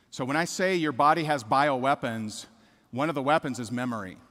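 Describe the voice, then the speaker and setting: A middle-aged keynote speaker with a mid-range, somewhat bright voice delivers a motivational speech in a reverberant hall. He tells a personal story with candid repetition and asks the audience questions.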